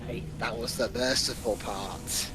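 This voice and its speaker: A man's voice: medium pitch, a little slow, background noise. A man tossing out teasing quips in casual game chat with friends. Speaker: co-commentator.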